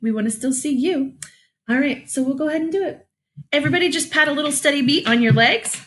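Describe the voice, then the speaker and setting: A woman teaching a children's music lesson, upbeat and praising as she gently gives instructions. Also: high voice, fast.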